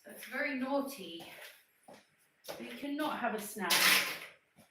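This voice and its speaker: Slow, chatty woman livestreaming. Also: a little high, lively intonation, echoey room, very noisy. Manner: chatty, coos and scolds her dog. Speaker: livestream host. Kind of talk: casual livestream chat. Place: at home, indoors.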